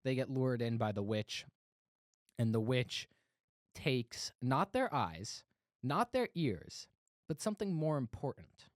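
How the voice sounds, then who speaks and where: A man's voice: mid-range voice, takes it slowly, dry recording, clean studio sound. A man co-hosting a casual movie review podcast, laughing often while he recaps the plot. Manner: animated, laughing recaps with playful put-on quotes. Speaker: podcast co-host.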